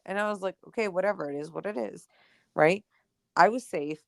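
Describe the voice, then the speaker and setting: A young adult woman co-hosting a podcast talks a little fast in a medium-pitched voice with vocal fry, recorded as clean studio sound with no room sound. Chatting casually, she animatedly tells a personal story stuffed with "like" and "right?" and performs the quoted dialogue.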